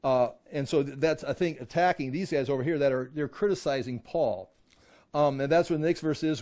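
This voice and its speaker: A man's voice: on the high side, a little fast, darkish tone. Man teaching a casual Bible study. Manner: conversational, reads scripture then explains, frequent restarts.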